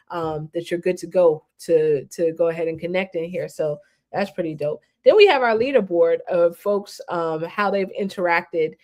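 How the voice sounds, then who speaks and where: A woman's voice: on the low side, a little mellow. A woman hosting a live stream, walking viewers through a new online platform in a casual, upbeat, slangy way. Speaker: host.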